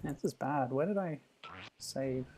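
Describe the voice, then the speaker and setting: A man streaming a game, chatting in a relaxed, amused way and answering chat comments. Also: mid-range voice, a little slow, faint music behind. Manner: chatty, amused, laughs often, reacts to the game. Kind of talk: casual gameplay commentary.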